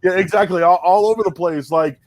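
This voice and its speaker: A man's voice: high-pitched, a little fast, a little mellow. A man hosting a casual podcast chat, rambling with lots of restarts and "dude" and "man". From Boston area. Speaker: podcast host.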